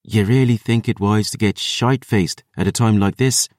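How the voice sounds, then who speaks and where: A man voicing a fierce, sharp-tongued young woman warrior in an audiobook, brash and mocking. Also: fairly low pitch, fairly even intonation, normal speed, no echo, studio quality, voice pushed up, natural voice. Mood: defiant. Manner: brash, mocking, dialect-flavoured.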